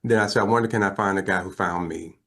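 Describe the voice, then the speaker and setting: Low-voiced man telling his life story. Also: fast. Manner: animated storyteller who acts out quoted voices; emotional, earnest. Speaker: interview guest. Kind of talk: personal storytelling in a talk show interview.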